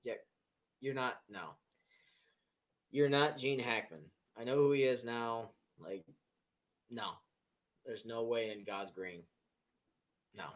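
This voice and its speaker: A man running a casual live stream, reading the chat aloud and firing back at trolls in a blunt, swear-heavy way. His voice sits at a middle pitch. The audio is a little dull and lo-fi, like ordinary stream sound. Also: slow pace, long pauses. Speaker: livestream host.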